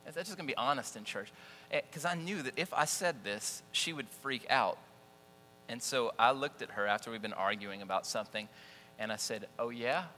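A man delivers a sermon, mixing scripture with lively, self-deprecating stories. His voice is bright and forward. The sound rings with long reverb from a church hall, over a faint mains hum. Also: medium pitch, normal speed. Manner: animated storytelling, folksy and self-deprecating. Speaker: preacher.

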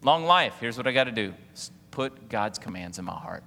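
A male pastor in his forties delivers a sermon, peppering the congregation with rhetorical questions and asking them to repeat after him. His voice is bright and forceful. A long reverb trails after each phrase, as in a large church hall. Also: medium pitch, animated, moderate pace, vocal fry, slight background noise. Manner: preaching with rhetorical questions and call-outs to the congregation.

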